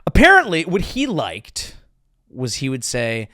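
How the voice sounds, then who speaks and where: A male comedy podcast host riffs through an irreverent monologue with a bright, forceful voice. His pitch leaps around in lively swings as he jokes. The sound is close and dry, with no room echo. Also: measured pace, clean tone. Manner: animated riffing with crude jokes.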